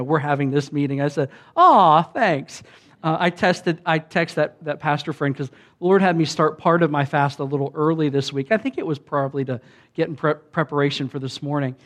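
A man preaching in an easygoing, conversational way, like he's talking to friends. His voice sits a bit high for a man, and he breaks into exaggerated voices when quoting others. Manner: conversational, acts out quoted voices with big pitch jumps. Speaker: pastor. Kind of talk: sermon.

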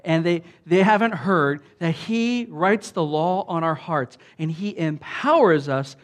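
Preaching in an unhurried, fairly high-pitched voice, a male pastor keeps his sermon emphatic and conversational, often turning to the congregation with asides.

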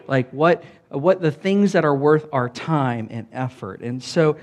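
Man, pastor, sermon, fairly high voice, chatty, animated, conversational preaching. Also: measured pace. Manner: conversational, animated preaching with many "like"s and calls of "Amen?".

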